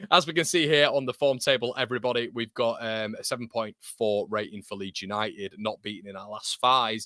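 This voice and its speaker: Excitable young man hosting a football stream. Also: fairly low pitch, no echo, studio quality. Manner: excitable, swears, calls viewers mate. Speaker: football watchalong host. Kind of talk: live stream chat reading viewer comments.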